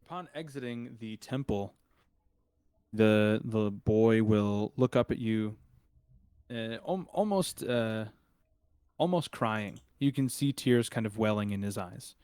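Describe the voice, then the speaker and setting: A man's voice: lowish voice, takes it slowly, a little mellow, clear, resonant tone, dry recording, studio quality. Man narrating as game master. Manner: hesitant, many fillers and restarts.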